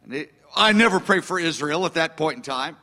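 Male pastor, fifties, high bright voice, spinning an anecdotal sermon story with wry asides. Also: expressive, brisk, long reverb tail. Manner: anecdotal, self-deprecating, chuckling asides.

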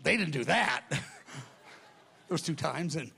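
A pastor in the middle of a sermon, telling a personal story. He speaks in a somewhat high, gravelly voice and acts out the people in the story, dropping to a hush and then rising to a cry. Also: slow pace. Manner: animated storyteller acting out voices, shifting from hushed to loud.

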